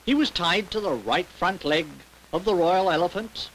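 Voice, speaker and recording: A man reading a children's storybook aloud in a playful, expressive way. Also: high-pitched, normal speed, slight background noise, low-quality recording. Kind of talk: storybook narration.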